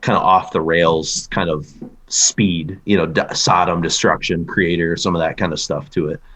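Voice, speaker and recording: A man's voice: low-pitched, steady tone, moderate pace, fairly bright tone, a little hiss or hum. A man hosting a casual music podcast, talking loosely with many fillers and restarts. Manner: rambling, lots of fillers and restarts. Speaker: podcast host.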